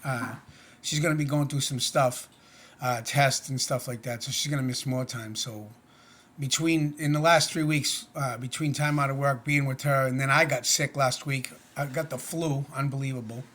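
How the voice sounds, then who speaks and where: A man's voice: medium pitch, steady tone, moderate pace, a bit bright. A middle-aged man talking to camera in a casual personal vlog, earnest, plainspoken and rambling. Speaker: vlogger.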